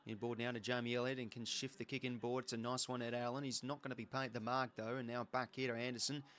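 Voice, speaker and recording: The host, an Australian man, runs a live watch-along of a football match, giving quick, chatty commentary on every bit of play. His mid-pitched voice turns excitable as the action intensifies.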